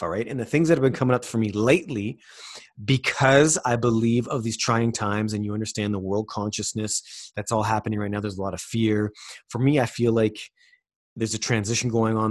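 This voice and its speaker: A man giving a spiritual self-help monologue, loose and rambling, swearing for emphasis and asking the listener question after question. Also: medium pitch. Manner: emphatic and profane, with repeated rhetorical questions. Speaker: vlogger.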